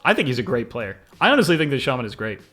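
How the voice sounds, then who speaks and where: A young man commentating his own game replays in an excitable, fast-shifting way, often laughing. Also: medium pitch, soft background music. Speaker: gaming video creator.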